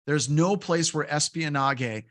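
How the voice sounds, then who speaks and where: A man's voice: fairly high pitch, unhurried, a bit bright. A middle-aged man teaching a security course, telling a loose, filler-heavy story between points. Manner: casual, rambling, with many fillers. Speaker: course instructor. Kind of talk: lecture with anecdotes.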